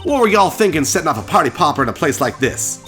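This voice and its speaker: A loud, quick-tempered Southern woman photographer with a hammy country drawl, voiced by a man. She scolds in a raised, pushed-up voice that bounces all over. Soft game music plays faintly underneath. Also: on the high side, sing-song, pitched above the performer's own voice. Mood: indignant.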